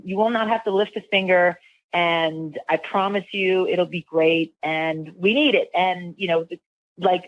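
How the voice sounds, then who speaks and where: A woman's voice: fairly low pitch, no echo, muffled recording. A woman who hosts a radio show, chatting as a podcast guest in a rambling way, with lots of fillers and restarts. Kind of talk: casual interview storytelling.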